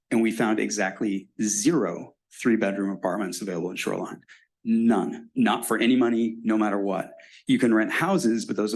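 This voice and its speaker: Low-voiced mayor fielding questions. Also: male voice. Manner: frank, explanatory, conversational. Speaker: mayor answering residents' questions. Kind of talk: public meeting Q&A. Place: city hall meeting room.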